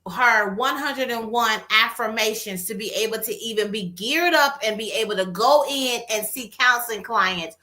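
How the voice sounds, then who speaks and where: Bright-voiced woman therapist, animated. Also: fairly high pitch, moderate pace, few pauses. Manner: animated storytelling, acts out quotes. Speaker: therapist and co-host. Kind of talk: casual conversation.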